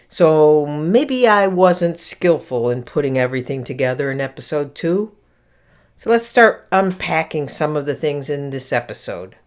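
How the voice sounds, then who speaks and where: A solo podcast host who talks slowly and thoughtfully, explaining ideas to listeners. The manner is self-deprecating and unhurried, with pauses to find the right word. The pitch sits at a middling level. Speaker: podcast host teaching Buddhism. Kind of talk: reflective solo podcast talk.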